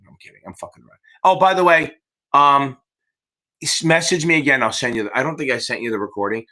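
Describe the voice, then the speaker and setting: A man's voice: on the high side, fast, pushed and bright. A man hosting a live exam-prep Q&A stream, talking in a rambling, profane, cheerleading way. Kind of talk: livestream Q&A chat.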